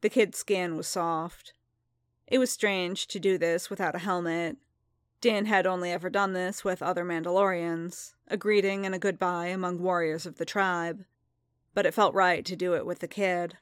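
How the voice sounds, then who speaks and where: A woman narrating a story aloud in an even, calm reading voice. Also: lowish voice, normal speed, no room sound. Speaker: reader.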